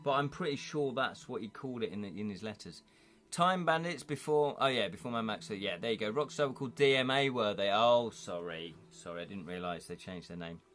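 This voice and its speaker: A man's voice: on the low side, expressive, brisk, a bit bright. Chatty man streaming a gamebook. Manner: chatty and rambling, reads out chat comments. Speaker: streamer running an interactive gamebook. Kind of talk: live-streamed gamebook reading with chat.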